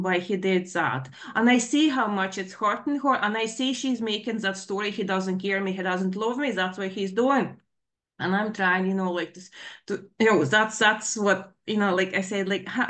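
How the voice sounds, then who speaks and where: A woman in her forties speaking on a video call, telling a personal story in an earnest, emotionally raw way, halting and full of "you know, like" fillers. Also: mid-range voice, fairly bright tone. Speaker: participant asking in a live Q&A.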